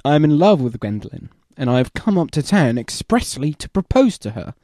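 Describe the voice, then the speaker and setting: A man reading aloud as an earnest young gentleman suitor in a classic comedy, in a theatrical manner. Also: on the high side, big pitch swings, normal speed, no echo, clean studio sound. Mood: indignant.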